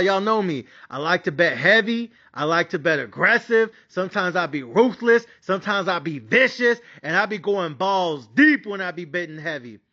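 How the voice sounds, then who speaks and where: A man's voice: high-pitched, pushed and bright, lo-fi sound. A man hosting a sports betting podcast, ranting casually with a boisterous, foul-mouthed, hyped-up manner. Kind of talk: casual profane podcast rant.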